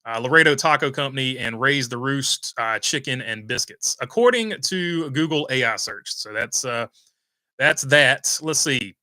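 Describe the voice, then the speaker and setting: Bright-voiced man chatting on a livestream. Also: medium pitch, no echo. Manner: rambling, many "uh" fillers, reads viewer comments aloud. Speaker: host reading live chat. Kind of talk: casual livestream chat.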